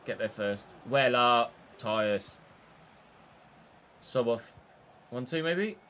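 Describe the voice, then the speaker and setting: A young man streaming live, chatting through his football game and breaking into excited shouts between muttered asides. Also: mid-range voice, extremely slow, slight background noise. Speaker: gaming streamer.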